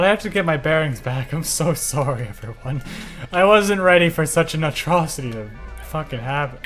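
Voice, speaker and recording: High, lively, bright-voiced excitable man. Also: soft background music. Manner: excitable and jokey, quick to yell. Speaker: livestream host. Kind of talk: casual gameplay commentary.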